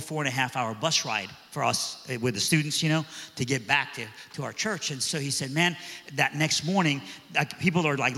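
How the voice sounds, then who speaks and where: Bright-voiced preacher man in a big hall. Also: medium pitch. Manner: animated, acts out quoted voices. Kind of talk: sermon storytelling. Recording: long reverb of a large hall.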